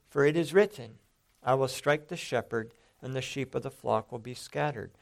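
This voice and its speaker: A man's voice: mid-range voice, animated, moderate pace, vocal fry. A man teaching a Bible sermon, explaining passages step by step and stressing quoted lines with emphatic rises.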